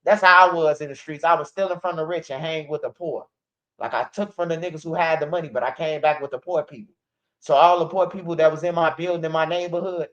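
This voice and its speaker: A man with a high voice hosts a street news channel. He talks in blunt, profane street storytelling. The recording sounds dull and lo-fi. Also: steady tone, quick pace, fairly bright tone. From Chicago. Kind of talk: casual commentary.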